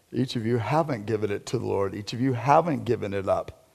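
Man, preacher, conversational sermon, loud emphatic bursts, quiet asides. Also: normal speed, creaky, husky. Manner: conversational, swings between loud emphatic lines and low asides. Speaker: pastor. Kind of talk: interactive sermon.

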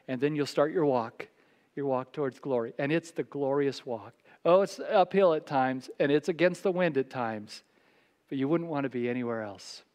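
Brief: male pastor, high voice, storytelling sermon, softens for quotes, long hall reverb. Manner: storytelling, drops to soft quiet voice for quoted words.

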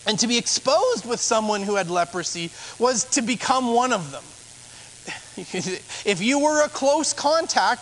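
A man's voice: extremely high pitch, fairly bright tone, a little hiss or hum, low-quality recording. A man, a pastor, preaching a sermon in a conversational way, asking rhetorical questions.

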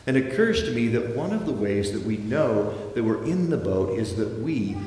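In a large, echoey church hall, a man preaches a sermon, telling stories with dramatic shifts and acting out the voices he quotes. His medium-pitched voice is sing-song and dark in tone, at normal speed. Hall reverb, faint ambience, and slight background noise fill the recording.

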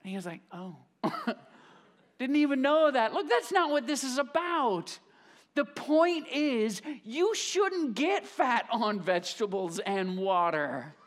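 A male pastor preaches a live sermon in a church, swinging his pitch up and down as he tells a Bible story. He slips into casual voices for its characters and reads scripture more slowly and quietly. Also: big pitch swings. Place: church sanctuary, live congregation.

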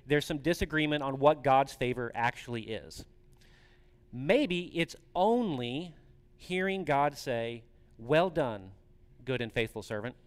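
A pastor preaching a conversational sermon, putting questions to the congregation. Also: male voice, medium pitch, smooth, long reverb tail.

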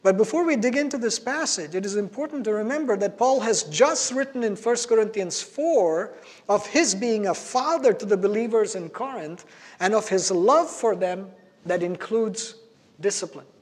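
A man preaching a sermon as pastor, earnest and emphatic, slowing down to stress key phrases. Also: high-pitched, animated, in a large hall.

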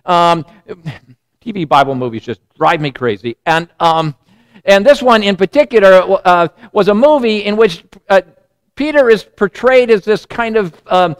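A man giving a sermon in a loose, conversational way, often restarting phrases and dropping to a hushed tone. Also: high-pitched, moderate pace, clear, resonant tone. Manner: conversational and digressive, many repeated starts. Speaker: preacher.

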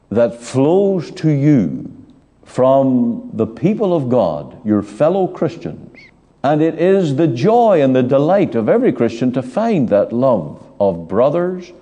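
A man preaching an evening sermon in a church, slow and emphatic with dramatic pauses. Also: medium pitch, warm tone. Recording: long church hall reverb.

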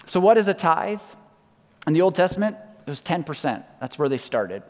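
A man preaching a sermon as pastor, emphatic, repeating key lines and dropping to soft, quiet endings. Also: fairly high pitch, sing-song, normal speed. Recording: long reverb of a large hall.

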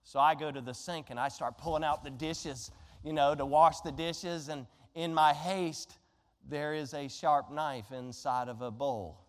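A man preaching a sermon, telling a Bible story in an animated way and throwing rhetorical questions at his congregation. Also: on the high side, a little slow, in a large hall. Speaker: pastor.

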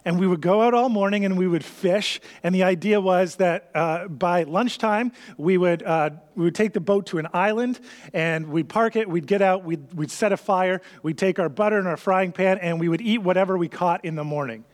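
Casting note: a Canadian male pastor who preaches casually, with a high voice and a lingering hall echo. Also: moderate pace. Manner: conversational, acts out parable characters' thoughts. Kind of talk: sermon.

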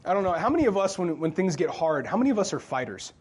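High-voiced, joking preacher mid-sermon. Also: male voice, big pitch swings, quick pace, slightly rough. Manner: conversational, joking, asks the crowd questions. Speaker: pastor. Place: church.

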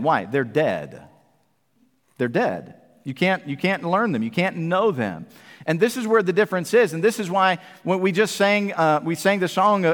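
High-voiced preacher in a reverberant church. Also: male voice, fairly bright tone. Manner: emphatic preaching, asks the congregation questions. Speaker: pastor. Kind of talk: sermon. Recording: long hall reverb.

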